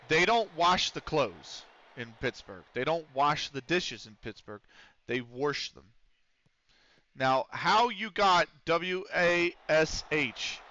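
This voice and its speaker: A young man from Pennsylvania chats through a livestream, profane and rambling. His voice sits a little high and sounds bright, almost sharp. The audio is dull and lo-fi, with a faint hiss underneath. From Pennsylvania, USA. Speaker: streamer. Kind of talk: casual gaming stream chat.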